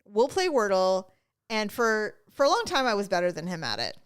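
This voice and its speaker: A woman co-hosting a podcast in casual chat, telling stories with lively acted-out dialogue. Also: medium pitch, normal speed, clear, resonant tone. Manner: animated storyteller who acts out quoted dialogue. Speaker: podcast co-host.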